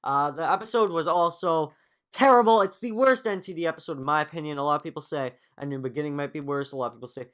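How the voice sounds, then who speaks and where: A man's voice: a little high, fast, few pauses, a bit bright. A man hosting a podcast, reviewing in a loose, rambling way full of fillers and offhand jokes. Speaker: podcast host. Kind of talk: casual review monologue.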